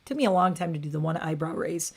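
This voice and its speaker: This woman hosts a beauty channel livestream in a low, creaky, husky voice at a quick pace. She's casual, rambling and opinionated, restarting often and saying "like" a lot.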